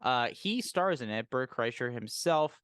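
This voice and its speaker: A man of average pitch co-hosts a relaxed movie chat, dry and a little sardonic in his reactions. The recording is dry and close, with no room sound. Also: measured pace, clear, resonant tone, no echo. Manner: wry, reacts with short exclamations. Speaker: podcast co-host.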